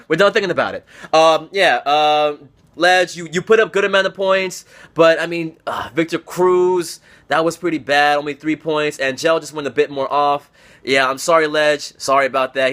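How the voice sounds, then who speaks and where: This is a young man's casual fantasy football league recap, filmed indoors as he speaks to camera. Excitable and foul-mouthed, he ribs his friends and keeps repeating phrases to drive points home. His voice sits a little high.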